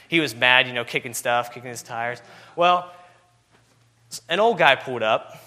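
A man's voice: medium pitch, moderate pace, pauses often, sharp tone. A man preaching a sermon, asking repeated rhetorical questions with constant "you know" fillers.

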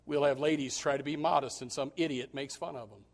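A male pastor preaching with passion, swinging from low murmurs to near shouts. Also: steady tone, brisk. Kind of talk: sermon.

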